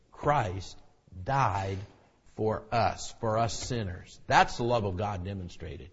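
A middle-aged male preacher giving a sermon, swinging between hushed near-whispers and loud shouted preaching. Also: on the low side, husky. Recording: dull lo-fi recording with long hall reverb.

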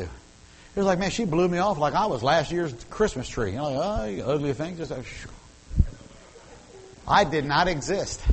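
Animated middle-aged male preacher. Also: on the high side, husky, low-quality recording. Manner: animated, repeats words while building up, folksy humor. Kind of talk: sermon with personal storytelling.

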